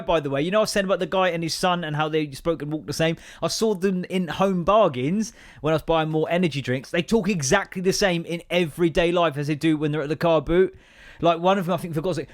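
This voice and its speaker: A man's voice: on the high side, quick pace. A man with an English accent hosting a casual podcast monologue, rambling, sweary and self-deprecating. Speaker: podcast host.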